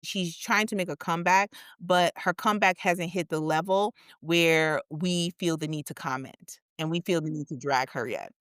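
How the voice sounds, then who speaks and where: Animated woman co-host, dry close sound. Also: lowish voice, normal speed, hardly any pauses, clear, resonant tone, dry recording. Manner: animated storyteller, voice leaps up for emphasis. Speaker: podcast co-host. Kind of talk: casual chat.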